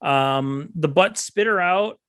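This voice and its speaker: A man co-hosting a podcast, recapping a film in a slow, halting way with many ums and uhs. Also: on the high side, fairly bright tone, smooth, no room sound, clean studio sound. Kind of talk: casual movie recap chat.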